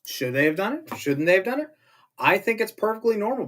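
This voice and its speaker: A man's voice: sits high, very animated, fairly quick, a bit bright. A man casually recapping TV episodes as a show host, chatty and rambling with jokey asides. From not British.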